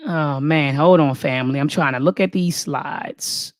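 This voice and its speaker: A woman's voice: deep voice, a little slow, no echo, clean studio sound. A woman hosting a live online talk, reading viewer comments aloud and speaking with fervent, preacher-like conviction, often calling the audience "family". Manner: thinks aloud, restarts and repeats phrases.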